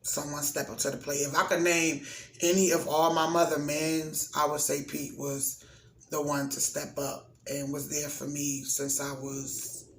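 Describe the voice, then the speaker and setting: A young man in a casual, rambling personal video, talking slowly and getting emotional as he speaks. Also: a little high, little pitch movement. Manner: casual, rambling, keeps saying "you know what I'm saying". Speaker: vlogger. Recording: echoey room with faint background hiss.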